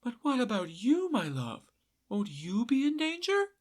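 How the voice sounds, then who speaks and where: A scatterbrained, nervous peasant wife, as a male narrator puts her on. She frets in a raised, softened voice, questions drifting off half-finished. The delivery stays slow and wavering. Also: very high-pitched, wildly swooping pitch, pitched above the performer's own voice, heavily acted. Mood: anxious. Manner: dithering, breathy questions trailing off. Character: dim, fretful peasant wife, easily startled.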